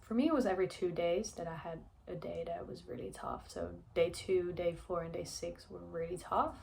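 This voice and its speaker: A woman's voice: on the low side, very animated, fairly quick, creaky, darkish tone, slight background noise. A young woman telling a personal story in a chatty vlog, with lots of fillers and frequent laughs. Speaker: vlogger.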